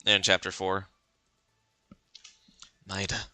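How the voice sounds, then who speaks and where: Animated man with a bright, sharp voice. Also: low voice, slow, no echo, soft background music, rough recording. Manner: animated, chatty. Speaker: streamer. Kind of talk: let's play commentary.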